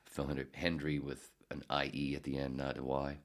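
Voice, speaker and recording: Brief: man in his fifties, booming extreme-low voice, profane, digressive podcast storyteller. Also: monotone, moderate pace. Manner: profane, digressive, self-correcting. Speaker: podcast host, former radio producer. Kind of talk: casual rambling storytelling.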